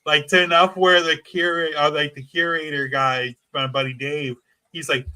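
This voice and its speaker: A man with a bright, forceful voice, talking casually as a paranormal investigator. He is eager and chatty and leans on filler words. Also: fairly high pitch, little pitch movement, normal speed. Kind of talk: casual conversation.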